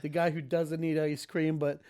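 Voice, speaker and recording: A male host interviewing a guest in a relaxed, conversational way, chuckling now and then. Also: fairly high pitch, moderate pace. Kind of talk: casual interview.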